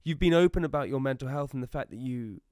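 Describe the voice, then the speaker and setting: Male podcast host, enthusiastic, smooth clear voice, dry close mic. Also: medium pitch, fast talker, darkish tone, no room sound. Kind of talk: conversational interview.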